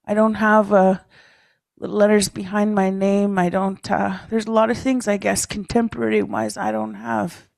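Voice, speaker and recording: A woman's voice: medium pitch, little pitch movement, moderate pace, creaky, a little mellow, dry recording. A woman telling personal stories at a leaders' meeting, chatty and self-mocking, tagging her lines with a questioning "eh?" and laughing often. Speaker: speaker at a leaders' caucus. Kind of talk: personal storytelling talk.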